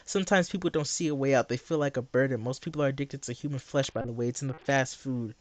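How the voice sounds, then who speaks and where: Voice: medium pitch, fast, dry recording. A livestreamer ranting to chat in a blunt, sarcastic, exasperated way, repeating phrases for emphasis.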